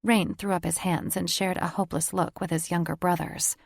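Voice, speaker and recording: A woman reading a paranormal romance audiobook as narrator in steady storytelling. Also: fairly low pitch, brisk, gravelly, breathy edge, dry recording, studio quality. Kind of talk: scripted narration.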